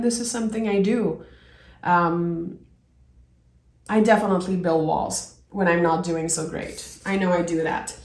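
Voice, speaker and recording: A woman giving a reflective tarot reading, gently encouraging and thinking aloud as she turns the cards. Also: lowish voice. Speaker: tarot reader. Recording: roomy echo.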